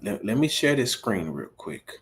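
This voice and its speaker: A man hosting a casual sports talk livestream, animated and incredulous, repeating himself as he gets worked up. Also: moderate pace. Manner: animated, incredulous, repeats himself, rising pitch when riled up. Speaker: host of a sports talk stream.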